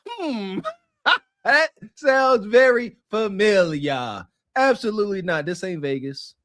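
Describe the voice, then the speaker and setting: A man's voice: high voice, animated, slow pace, fairly bright tone. A man co-hosting a podcast in casual commentary, preachy and emphatic, laughing often. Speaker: podcast co-host.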